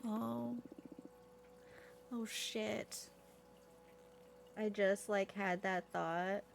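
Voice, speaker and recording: A woman's voice: medium pitch, steady tone, extremely slow, gravelly, slight background noise. A woman streaming a video game at home, chatting casually with her viewers and reacting aloud with frequent laughs.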